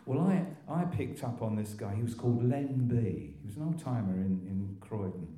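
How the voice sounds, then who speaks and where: A man's voice: fairly low pitch, lively intonation, moderate pace, warm tone, reverberant. An older man from England telling his recovery story in a rambling testimony, with restarts and little laughs. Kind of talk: personal testimony talk.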